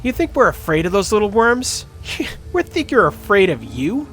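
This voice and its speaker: A cocky, impatient woman smuggler, voiced by a man at a tabletop game. She is gruff and scoffing, and her voice sits slightly high. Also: huge pitch swings, moderate pace, a bit bright, soft background music, exaggerated voice.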